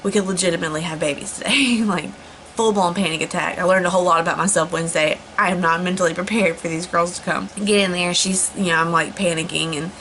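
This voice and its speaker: A woman's voice: fairly low pitch, fairly even intonation, fast, a bit bright, a little hiss or hum, poor audio. Chatty young woman telling a story. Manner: rambling, with many fillers and restarts. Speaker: vlogger. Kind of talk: casual storytelling vlog.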